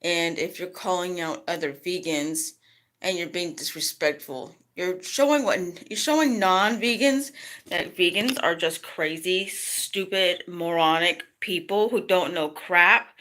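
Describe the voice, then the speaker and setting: A middle-aged woman talking casually to camera in a vlog, chatty and rambling, and she jumps her voice up high when quoting other people. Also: pushed and bright. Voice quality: rambling, chatty, lots of "you know". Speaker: vlogger.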